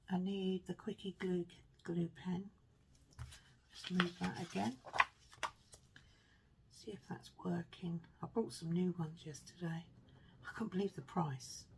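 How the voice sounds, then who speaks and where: A woman's voice: on the low side, vocal fry, darkish tone, slight background noise, rough recording. A woman chatting through a card-making tutorial at her craft table, rambling and self-deprecating as she mutters to herself while she works.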